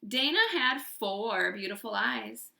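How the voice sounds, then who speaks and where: A woman reading a children's chapter book aloud with expression, pausing to ask listeners questions. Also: fairly high pitch, gravelly, pushed and bright, echoey room. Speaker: storyteller.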